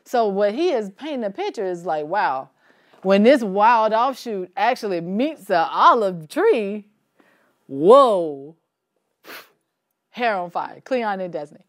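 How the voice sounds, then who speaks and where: A woman leading a church Bible study in a relaxed, conversational way, asking the group questions and laughing easily. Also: mid-range voice, moderate pace.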